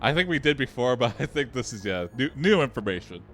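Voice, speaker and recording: A man's voice: mid-range voice, sing-song, fast, a bit bright, faint music behind. A man hosting a live AI storytelling stream, chatting casually and laughing often between story readings.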